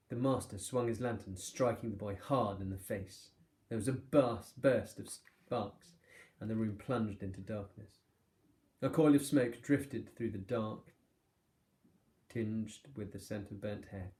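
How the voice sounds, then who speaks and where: A male teacher reading a children's novel aloud with steady, expressive storytelling. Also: fairly low pitch, unhurried. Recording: echoey room.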